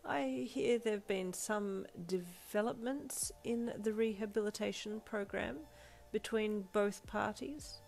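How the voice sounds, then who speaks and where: A woman's voice: mid-range voice, normal speed, a little mellow, pitched above the performer's own voice, close to an everyday voice, low-quality recording. A woman voicing a middle-aged woman school principal who speaks in a restrained, matter-of-fact and wry way, as she reads a fan fiction aloud. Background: faint backing music.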